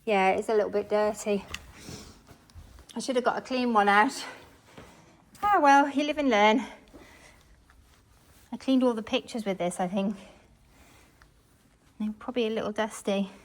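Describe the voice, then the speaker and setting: Indoors at home, a cleaning vlogger chats casually to the camera while she tidies, thinking aloud and making self-mocking asides, slightly out of breath. She records on a phone worn on a chest harness, speaking at medium pitch and normal speed with frequent pauses.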